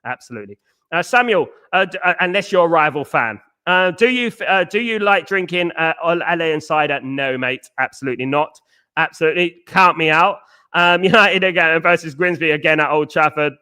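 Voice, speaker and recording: Bright-voiced blunt male stream host. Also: a little high, fairly quick, clear, resonant tone. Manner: blunt, repetitive, peppers talk with "mate" and "big up". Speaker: fan channel host reading live chat. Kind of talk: casual live-stream chat.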